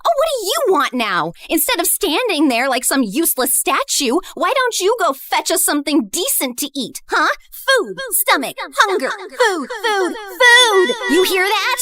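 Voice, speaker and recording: A woman voicing a spiteful, bitter teenage girl in an animated story, sneering and hurling harsh insults. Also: extremely high pitch, normal speed, few pauses, dry recording, clean studio sound, exaggerated voice. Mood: mocking.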